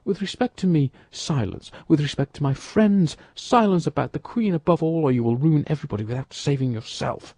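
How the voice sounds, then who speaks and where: A man reading an audiobook, voicing a bold, quick-witted young male musketeer who talks in a commanding, brisk way. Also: fairly high pitch, dark tone, dry recording, voice pushed up.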